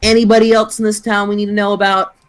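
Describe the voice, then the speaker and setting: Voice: medium pitch, little pitch movement, fast. A player in a tabletop game who talks bluntly and impatiently.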